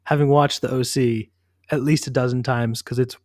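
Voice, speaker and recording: A man in his thirties, a podcast guest, telling a self-mocking story in an animated way. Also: mid-range voice, moderate pace, no room sound, clean studio sound. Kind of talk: casual chat.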